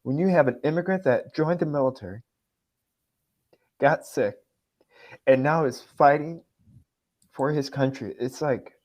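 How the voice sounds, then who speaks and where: Emotional, halting man on a podcast. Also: on the high side, darkish tone. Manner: halting, restarts often. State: emotional, close to tears. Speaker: podcast co-host. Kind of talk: political podcast talk.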